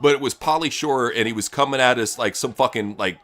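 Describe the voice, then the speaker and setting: A man co-hosting a casual watch-along chat, crude and laughing, often slipping into quick impressions. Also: medium pitch, a bit bright. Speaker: co-host. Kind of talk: casual profane chat while watching wrestling.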